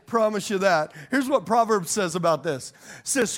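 A male pastor preaching a sermon to a congregation, telling animated, joking stories and laughing often. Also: high voice, moderate pace. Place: church service before a congregation.

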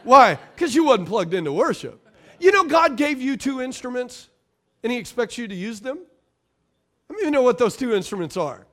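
High-voiced preaching man. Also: very animated, brisk. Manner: preaching with call-and-response, swings between loud and quiet. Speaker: pastor. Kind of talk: sermon.

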